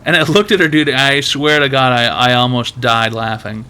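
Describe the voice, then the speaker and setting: A man's voice: mid-range voice, steady tone, moderate pace, bright, forceful tone, smooth. A man hosting an advice stream who tells rambling, profane stories packed with "like" and other filler words. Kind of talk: casual storytelling.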